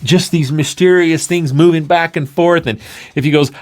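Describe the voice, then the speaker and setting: A man explaining an idea through an animated story, acting out the scenes as he goes. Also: on the high side, normal speed, background noise.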